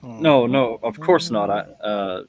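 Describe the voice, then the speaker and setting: A man's voice: mid-range voice, expressive, takes it slowly. A man playing a tabletop game, speaking politely and hesitantly with many fillers. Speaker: player.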